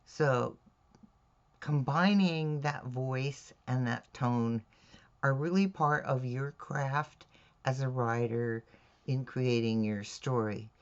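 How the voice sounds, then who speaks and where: A woman teaching mystery writing in a measured, deliberate way, checking in with her listeners as she explains. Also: a bass voice. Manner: measured, deliberate, with "all right?" check-ins. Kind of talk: instructional talk on writing craft. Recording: dull lo-fi recording.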